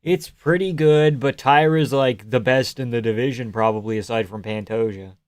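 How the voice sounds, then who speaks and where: A man's voice: mid-range voice, normal speed, clear, resonant tone, no echo. Dry-sounding man breaking down fights. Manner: profane, analytical, answers chat questions. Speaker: live stream host. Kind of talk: casual fight commentary with chat.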